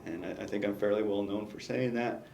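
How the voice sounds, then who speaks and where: A man's voice: on the low side, fairly even intonation, fairly quick, creaky, mellow, roomy sound, a little hiss or hum. A man, a retiring battalion chief, reflecting in an exit interview, emphatic and given to restarts. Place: indoor meeting room.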